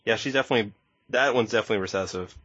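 A man's voice: fairly low pitch, very fast, a bit bright, breathy edge. A man co-hosting a podcast in casual chat, talkative, laughing often and trailing off mid-thought. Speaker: podcast co-host. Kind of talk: casual chat about card games. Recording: slightly dull lo-fi audio.

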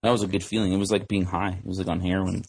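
A man co-hosting a podcast in casual chat, excitable and joking, swearing freely. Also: low voice, very fast, vocal fry, slightly rough. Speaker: podcast co-host.

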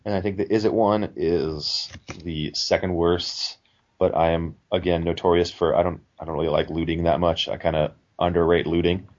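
Deep-voiced man, rambling game talk. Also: flat delivery, moderate pace. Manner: rambling, hedging with likes and I means. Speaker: podcast co-host. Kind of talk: casual chat. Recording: dull lo-fi sound.

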